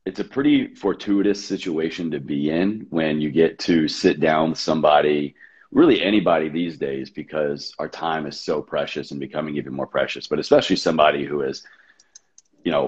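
A man with a low, gravelly morning voice, chatting as a podcast guest in an easygoing way. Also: a little mellow, lo-fi sound. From Los Angeles. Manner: easygoing, laughs often. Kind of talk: casual interview chat.

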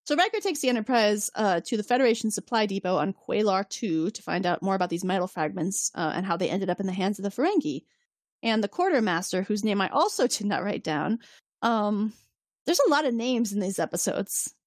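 A woman's voice: medium pitch, fairly quick, no room sound. Chatty woman recapping with a dry close sound. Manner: animated storyteller, acts out characters' lines, swears casually. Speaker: podcast co-host. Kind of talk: casual recap chat.

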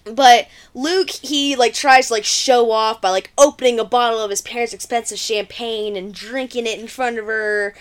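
A woman's voice: fairly high pitch, fairly even intonation, moderate pace, few pauses. A woman co-hosting a podcast, casually recapping a film's plot in a chatty way with lots of filler words. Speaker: podcast co-host.

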